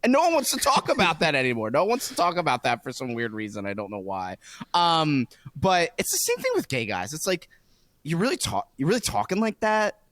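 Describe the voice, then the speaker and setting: A man's voice: on the high side, huge pitch swings, fairly bright tone, dry recording. A man co-hosting a podcast, chatting casually, rambling and laughing as he tells stories. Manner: rambling, laughing, drawn-out storytelling. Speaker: podcast co-host. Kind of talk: casual chat.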